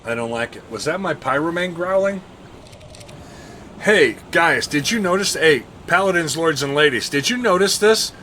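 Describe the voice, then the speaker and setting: Bright-voiced chatty man streaming a game. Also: a little high, expressive, normal speed, a little hiss or hum. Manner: chatty, thinks out loud and counts aloud, laughs often, talks to viewers. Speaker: live streamer. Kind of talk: casual gameplay commentary.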